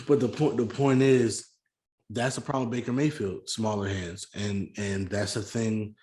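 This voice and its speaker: A man's voice: fairly low pitch, steady tone, a little slow, a little mellow, reverberant. A man co-hosting a casual sports podcast, arguing his points and often repeating himself. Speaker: podcast co-host.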